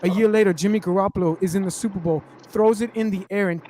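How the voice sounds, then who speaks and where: A man with a high voice talks through a long, animated football story in loose slang. He hosts a casual sports chat, and a faint hiss sits under his voice. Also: fast talker. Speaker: podcast host.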